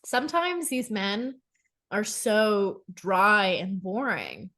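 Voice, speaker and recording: A woman's voice: medium pitch, slow pace. A woman co-hosting a podcast, telling dating stories in casual chat, laughing often and using lots of fillers. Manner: laughs often, animated storytelling with many fillers. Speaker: podcast co-host.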